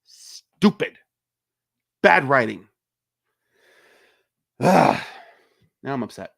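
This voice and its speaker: A man's voice: medium pitch, normal speed, no room sound, studio quality. A man, an indie filmmaker, chatting casually and ranting with plenty of swearing, sometimes acting out quoted lines in a raised voice. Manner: ranting, profane, animated. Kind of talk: casual livestream chat.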